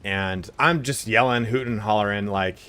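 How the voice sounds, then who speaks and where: A man live-streaming a game, chatting casually and telling stories in a loud, animated voice. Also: lowish voice, normal speed, clear, resonant tone.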